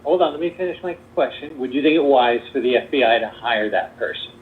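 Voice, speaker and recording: A man with a mid-range voice argues a political point in a measured way, holding the floor until he has finished. The sound is narrow and phone-like. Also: medium pitch, lively intonation, a little hiss or hum. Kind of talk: political debate. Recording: tinny phone-like audio.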